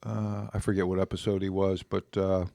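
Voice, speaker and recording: A man's voice: low voice, flat delivery, brisk, gravelly, dark tone, no echo, studio quality. A man co-hosting a casual podcast conversation, talking things through and reading out listener questions. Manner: conversational, reads listener questions, acts out sales dialogue. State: talking with food in his mouth. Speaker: podcast co-host.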